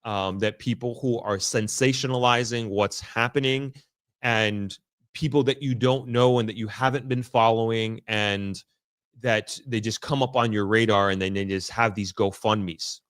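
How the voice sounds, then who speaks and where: Speaking from the place he's reporting on, a male vlogger gives viewers an off-the-cuff update, halting and starting over as he weighs each word. The voice sits lowish, steady and a bit bright, at a measured pace, in clean studio audio with no echo.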